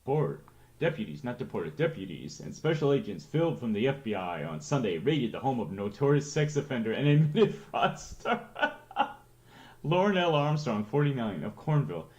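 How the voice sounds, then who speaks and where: A man's voice: mid-range voice, very animated, normal speed, darkish tone, highs cut off. A man chatting casually on a late-night livestream, rambling and reading aloud to his viewers. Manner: rambling, reads aloud with laughs.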